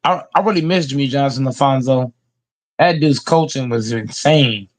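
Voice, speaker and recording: A man's voice: medium pitch, normal speed. A man hosting a casual sports reaction show, ranting emphatically and with heavy profanity. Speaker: host reacting to football news.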